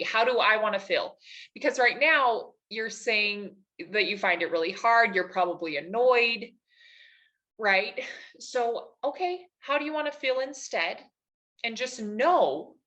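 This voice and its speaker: A woman's voice: mid-range voice, fairly bright tone. A woman life coach leading a live webinar, upbeat and encouraging, talking in a chatty way with lots of "like" and "right?".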